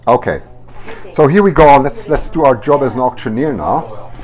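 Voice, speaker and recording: A man's voice: medium pitch, lively intonation, moderate pace, darkish tone. A man running a livestream photo auction on a handheld microphone, flustered and apologetic, coughing now and then with a slightly hazy voice. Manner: flustered, apologetic, laughing often. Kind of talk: casual live auction talk.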